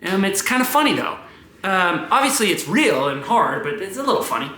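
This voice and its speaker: A young man in his twenties talks in a rambling vlog monologue, swearing freely and telling his stories with plenty of animation. His voice sits fairly high and bright, and it swings up and down a lot. The sound bounces around a roomy, echoey room. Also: a little fast. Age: 20s. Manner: profane, animated storytelling. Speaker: vlogger.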